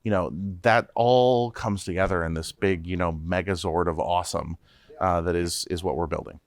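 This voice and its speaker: A man, a startup CEO, speaking as a guest on a podcast interview. He talks in an animated way, restarting often and repeating words. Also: sits low, normal speed.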